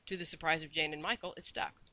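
Man reading a kids storybook aloud, very bright voice, a bit high, steady and expressive. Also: fast, poor audio. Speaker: audiobook narrator.

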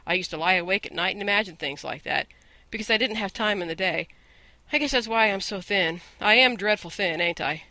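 A man's voice: high-pitched, brisk, sharp tone, exaggerated voice, rough recording. A man voicing an eager, imaginative eleven-year-old orphan girl who chatters on breathlessly in an audiobook. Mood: chattering. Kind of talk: audiobook character voice.

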